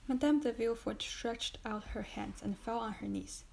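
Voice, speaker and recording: A woman's voice: on the high side, normal speed, creaky, hardly any pauses, darkish tone. Woman narrating a classic novel. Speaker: audiobook narrator.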